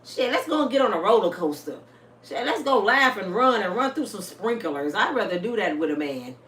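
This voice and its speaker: A woman in her fifties holds forth to her viewers, blunt, salty and full of storytelling energy. Her pitch leaps and dips as she talks. She sits a bit away from the mic in an echoey room with a faint hiss behind her. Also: lively intonation, a little fast, a bit bright, far from the mic. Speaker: vlogger. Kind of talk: casual monologue to viewers.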